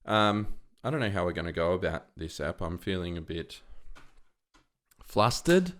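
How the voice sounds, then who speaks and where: A man in his thirties, co-hosting a casual podcast chat, joking and excitable. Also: deep voice, fairly quick. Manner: joking, excitable, breaks into loud laughter. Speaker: podcast co-host.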